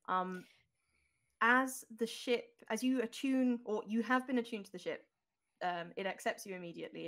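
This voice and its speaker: A woman's voice: lowish voice, vocal fry, a bit bright. Woman game master narrating. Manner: descriptive, loose, thinking aloud. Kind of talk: narrating a tabletop game online.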